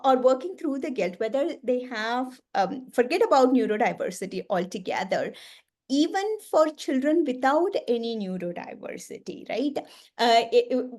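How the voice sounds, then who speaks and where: A woman's voice: high-pitched, a little mellow. A woman hosting a webinar discussion, asking long thoughtful questions with many hesitations. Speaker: webinar host.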